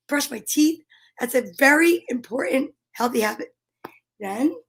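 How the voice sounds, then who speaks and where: A middle-aged woman hosts a live-stream story time with a raspy, scratchy voice. She talks high and bright in a bubbly, enthusiastic, chatty way. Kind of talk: casual live-stream chat.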